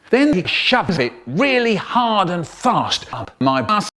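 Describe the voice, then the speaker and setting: A man telling a comic story, dramatic and expressive. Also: moderate pace, few pauses, a little hiss or hum. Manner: expressive, dramatic swoops in pitch.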